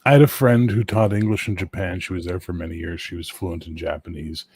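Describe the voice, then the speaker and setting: Man, husky, very deep voice, sarcastic, casual chat. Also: steady tone, brisk, darkish tone, no echo. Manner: wry, sarcastic.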